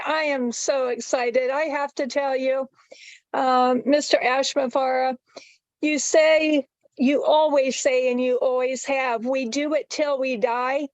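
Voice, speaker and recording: A woman's voice: high-pitched, no echo, poor audio. A woman speaking as a panelist in an online webinar, effusive and emotional over a video call. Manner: emotional, effusive, slow-paced.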